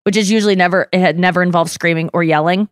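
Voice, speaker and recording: A woman's voice: lowish voice, fast talker, clear, resonant tone, no echo, studio quality. A woman co-hosting a podcast, telling a story in casual chat with lots of "like" fillers. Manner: animated storytelling, many "like" fillers. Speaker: podcast co-host.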